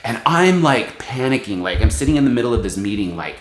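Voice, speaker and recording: Excitable low-voiced man vlogging. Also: fast, few pauses, reverberant. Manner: animated storytelling, lots of "like" fillers. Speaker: book channel host. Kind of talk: excited casual vlog talk.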